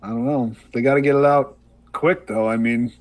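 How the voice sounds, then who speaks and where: A man's voice: mid-range voice, fairly even intonation, normal speed. A man co-hosting a podcast in casual chat, joking around and laughing often.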